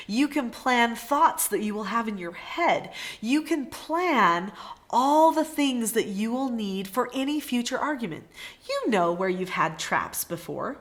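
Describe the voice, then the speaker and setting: A woman giving parenting advice in a measured way, slowing down to stress her key points. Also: on the high side, a bit bright. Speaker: parenting teacher. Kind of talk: talking-head advice video.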